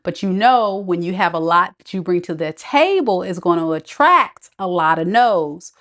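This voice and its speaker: A woman's voice: fairly low pitch, animated, normal speed, fairly bright tone. A woman tarot reader, chatting on a live stream, reading viewers' comments aloud and laughing often. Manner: chatty, reads chat aloud, frequent laughter.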